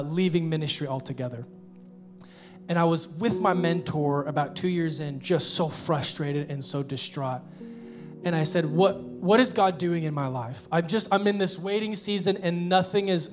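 A man preaching a sermon as pastor, emphatic and repeating his questions for effect. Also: on the high side. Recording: guitar music behind.

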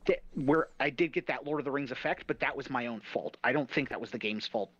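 A man co-hosts a casual game-review podcast and tells his stories with lively energy and easy swearing. The recording sounds a little muffled and completely dry. His pitch sits in an ordinary middle range. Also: fast talker, dry recording. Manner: animated storyteller, swears casually. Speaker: podcast co-host. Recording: slightly dull, dry sound.

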